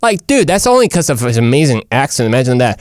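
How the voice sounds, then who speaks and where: A man's voice: mid-range voice, very animated, fast, no room sound, studio quality. A young man hosting a casual comedic monologue, rambling and jokey. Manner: rambling, jokey, says "dude" and "like" often. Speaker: host.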